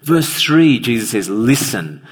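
A man delivers an evening sermon, his husky voice rising and falling with plenty of movement. He earnestly puts questions straight to the congregation, and his words ring out with the long reverb of a large church hall. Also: medium pitch, very animated, measured pace. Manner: earnest, asks the listeners questions directly. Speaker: preacher.

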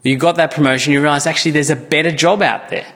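Gravelly preacher in a reverberant church. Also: male voice, on the high side, fairly even intonation, fast talker, fairly bright tone. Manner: earnest, conversational preaching with frequent restarts. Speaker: pastor. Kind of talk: sermon. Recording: church hall with long reverb.

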